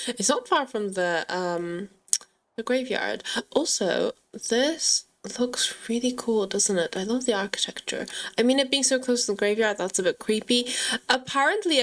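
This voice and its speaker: A woman giving chatty, excitable gameplay commentary and talking straight to her viewers. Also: on the high side. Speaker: gaming channel host.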